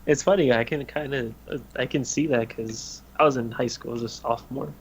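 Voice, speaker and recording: A man's voice: medium pitch, fairly even intonation, fairly quick, a little hiss or hum, low-quality recording. A man co-hosting a wrestling podcast in casual chat, laughing often and acting out what people said. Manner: laughs often, acts out quoted voices. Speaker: podcast co-host.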